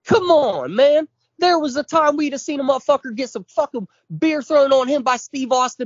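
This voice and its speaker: A man's voice: very high voice, animated, a little fast, hardly any pauses, no echo. Forty-something guy ranting and cussing on a podcast, voice swings all over, dry close mic, kinda dull lo-fi sound. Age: 40s. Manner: profane, ranting, emphatic. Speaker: podcast co-host. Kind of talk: casual chat.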